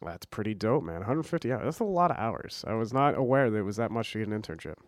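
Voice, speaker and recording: Young man, stuffy nose, rapid rambling talk, dry studio mic, jokey self-corrections. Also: lowish voice, very animated, dry recording. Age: young adult. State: stuffy from a cold. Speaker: college radio co-host. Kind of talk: casual college radio chat.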